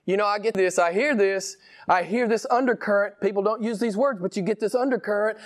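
A man preaching a sermon with passion, firing rhetorical questions and swinging widely between slow, emphatic lines and quick ones. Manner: impassioned preaching, rhetorical questions, big swings in pitch and pace. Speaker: pastor.

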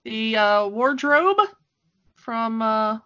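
A woman's voice: fairly high pitch, very slow, bright, forceful tone, clean tone. A woman co-hosting a podcast in casual chat, talking with enthusiasm and lots of fillers. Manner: enthusiastic, gushing, many fillers. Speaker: podcast co-host. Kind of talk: casual chat about a cartoon film. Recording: dull lo-fi sound.

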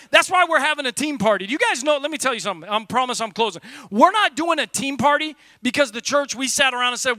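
Male pastor, chatty and jokey, high bright voice, dry close mic on a church stage. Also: dry recording. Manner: loose and conversational, full of "like" fillers, jokey. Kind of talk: casual, energetic sermon.

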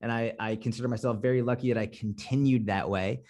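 A man's voice: medium pitch, steady tone, quick pace, darkish tone. A man with a Boston accent, a fitness coach talking bluntly and swearing freely as a podcast guest. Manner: blunt, profane, no-nonsense. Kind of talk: casual podcast interview.

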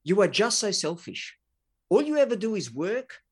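A man's voice: sits high, big pitch swings, normal speed, husky, pitched above the performer's own voice, full character voice. A man voicing a hurt partner who sharply accuses their other half of neglect, raising his voice above his usual talk. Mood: bitter, accusing. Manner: accusing, raised voice.

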